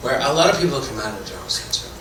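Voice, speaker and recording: Racing along in a sing-song, mid-range voice, a middle-aged man from Toronto, Canada, an actor on a convention panel, tells rambling stories that poke fun at himself. The mic is far away in an echoey hall with noise in the background.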